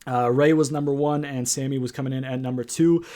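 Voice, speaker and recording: A man's voice: mid-range voice, steady tone, fairly quick, warm tone. Man rambling through a wrestling recap. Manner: rambling, many fillers and restarts. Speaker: wrestling show reviewer. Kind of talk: casual recap commentary.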